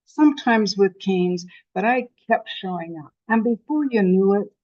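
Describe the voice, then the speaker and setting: A Canadian woman past sixty-five, giving a lively motivational talk and telling her story with self-deprecating humor. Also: mid-range voice, normal speed, dry recording, dull audio. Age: over 65. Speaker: conference speaker.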